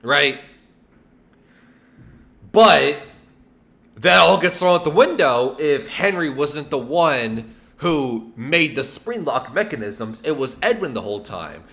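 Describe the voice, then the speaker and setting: A man hosting a casual video game lore video, animated and full of rhetorical questions and filler ums. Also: fairly high pitch, takes it slowly, gravelly, long pauses. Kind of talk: casual lore theorizing to camera.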